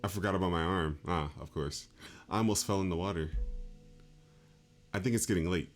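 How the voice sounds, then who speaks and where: A man reading aloud as a gloomy teenage schoolgirl narrator from a game, in a flat voice. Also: low voice, brisk, soft background music, close to an everyday voice. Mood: quiet, downcast.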